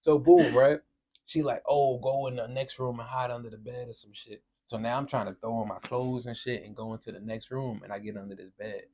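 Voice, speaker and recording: A young man from Brooklyn, telling a wild story on a podcast in a casual, profane, animated way. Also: medium pitch, fairly quick. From Brooklyn, New York. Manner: animated, profane, acts out voices in quotes.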